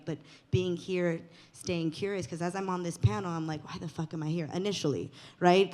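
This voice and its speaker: Actress panelist, woman, low voice, effusive, candid, swears a bit. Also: darkish tone. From East Los Angeles. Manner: emotional, profane, effusive.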